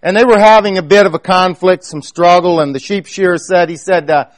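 Delivering a sermon a little fast, this high-voiced man with an Amish accent speaks straight to his congregation and earnestly shares his story. The recording is close and dry, with no echo and hardly any room sound.

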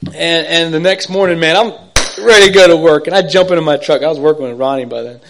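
An earnest man with a slightly high voice tells his own faith story. He rambles and restarts, checks in with his listeners, and moves between soft, hushed passages and loud, excited bursts. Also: quick pace, creaky, a little hiss or hum. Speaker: speaker giving a personal faith testimony. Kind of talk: personal testimony storytelling.

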